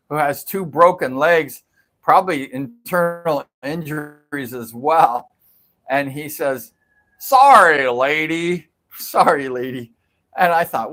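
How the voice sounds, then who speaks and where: A man's voice: medium pitch, fairly bright tone. A middle-aged man casually telling a long story on his livestream, rambling and repeating himself with many fillers.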